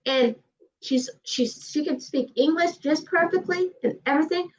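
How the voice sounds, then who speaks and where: A woman from Georgia with a Southern accent, talking emphatically in casual chat as host of a livestream. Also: high-pitched. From Georgia, USA. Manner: fast, emphatic, repeats herself. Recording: distant, dull livestream audio.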